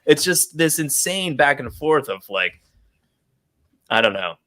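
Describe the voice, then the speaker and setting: Bright-toned man on a podcast couch. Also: a little high, big pitch swings, a little slow. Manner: rambling, acts out quotes, many fillers. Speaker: podcast co-host. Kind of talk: casual chat.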